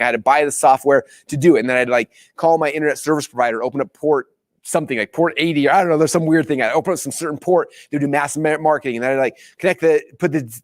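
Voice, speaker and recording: A man hosts a marketing course and tells a story from his past, eager and animated. He talks quickly, and his voice is dry and close to the mic. He acts out his old lines with sudden leaps in pitch. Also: no room sound. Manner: excited, re-enacts his own past lines with big pitch jumps. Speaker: course host.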